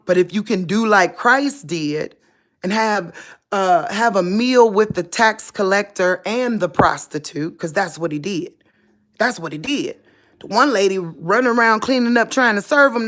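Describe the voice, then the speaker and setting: A woman's voice: medium pitch, lively intonation, a little slow, a bit bright. A woman giving an unscripted spiritual monologue to her viewers in an impassioned, preachy way, speaking straight to them. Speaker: religious vlogger.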